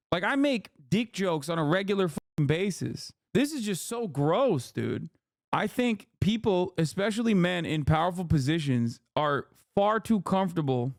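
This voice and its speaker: A man's voice: high voice, dry recording, studio quality. A man in his thirties streaming live, ranting angrily and with heavy profanity as he reacts to posts. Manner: angry, profane ranting, fast and emphatic.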